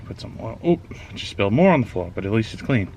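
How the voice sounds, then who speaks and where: A man's voice: fairly low pitch, sing-song, fast, a little mellow. Cursing man on a noisy street. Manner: cursing, frustrated muttering. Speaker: car owner doing his own oil change. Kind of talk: casual vlog narration. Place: outdoors on a street beside a car. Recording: noisy street recording, cars passing. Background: passing traffic.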